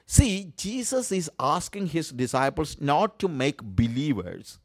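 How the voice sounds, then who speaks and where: Male preacher, slightly high voice, earnest sermon, dry close sound. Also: no room sound. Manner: earnest, repeats key words for emphasis, frequent uh fillers.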